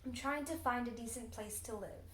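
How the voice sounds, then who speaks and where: A busy little wren, voiced by a teenage girl reading aloud, who talks scratchy and brisk. She is high-pitched and brushes others off in a hurry. The recording is roomy and echoey. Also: lightly acted. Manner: brisk, dismissive.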